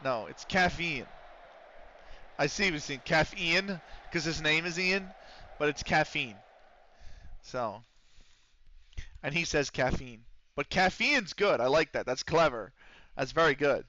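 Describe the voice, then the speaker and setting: A man's voice: a little high, animated, measured pace, pushed and bright, muffled recording, a little hiss or hum. A man livestreaming a game, chatting casually with viewers, swearing freely and breaking into play-by-play calls. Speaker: streamer.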